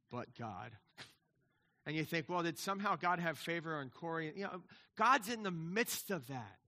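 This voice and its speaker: A man with a fairly high voice preaches a sermon, moving between hushed, intimate asides and loud, emphatic stretches. He repeats key phrases to drive them home.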